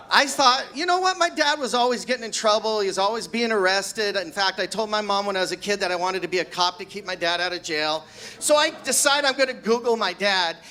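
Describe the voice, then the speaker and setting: Celebrating his birthday before a live audience, a sixty-something man does stand-up that pokes fun at himself and his friends in the room. His voice is high-pitched, bright and pushed.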